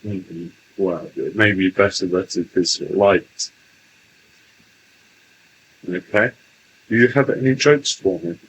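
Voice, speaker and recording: A man's voice: sits low, slow pace, pauses often, a bit bright, slight background noise, heavily acted, low-quality recording. A man channeling a genial male alien leader from Sirius, speaking formally and unhurriedly as "we" in a trance channeling session. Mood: amiable. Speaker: channeled entity.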